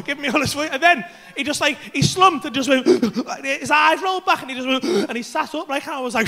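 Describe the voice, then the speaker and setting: A man with a very high, gravelly voice does stand-up, telling a rambling, swear-filled story. He acts out his own panic loudly. He is recorded live in a club. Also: a little fast. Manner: excitable, swearing, acting out panic. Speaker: stand-up comedian. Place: comedy club stage. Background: audience laughter.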